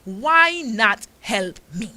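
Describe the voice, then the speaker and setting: Impassioned Antiguan woman, bright voice. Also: a little high, animated, extremely slow. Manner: impassioned, pleading rhetorical questions. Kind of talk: talk show discussion.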